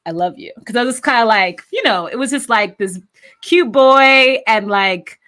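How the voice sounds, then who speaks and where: A woman co-hosting a podcast, telling stories in an animated way with laughs. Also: a little high, moderate pace. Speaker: podcast co-host. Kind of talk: casual podcast chat.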